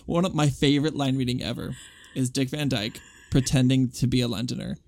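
A man's voice: medium pitch, fairly quick, vocal fry. A man co-hosting a casual pop-culture podcast. He talks in a jokey, dramatic way and reads out a listener's letter. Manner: animated, jokey, dramatic asides. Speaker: podcast co-host.

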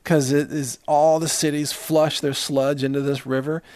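A man's voice: on the high side, little pitch movement, normal speed, a little mellow, no echo. A man from the Southern US hosting a ranting monologue, sarcastic and chuckling between jabs. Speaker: host.

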